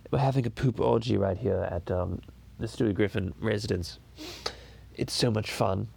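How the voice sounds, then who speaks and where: A man's voice: lowish voice, moderate pace, creaky, a little mellow, slightly rough, dry recording, exaggerated voice. A man doing Stewie Griffin, groaning cartoon baby. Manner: crude, rambling, theatrical groaning. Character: scheming foul-mouthed cartoon baby boy. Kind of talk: improvised comedy impression podcast.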